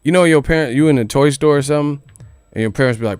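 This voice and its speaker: A man's voice: medium pitch, steady tone, quick pace, smooth, dry recording, clean studio sound. A man hosting a boxing news channel in casual commentary, joking and incredulous, with plenty of swearing. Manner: incredulous, joking, profane rant.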